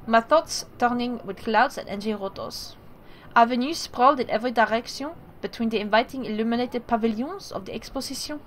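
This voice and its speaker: A woman's voice: fairly high pitch, slight background noise, low-quality recording. A woman reading a text game aloud with casual, self-deprecating asides.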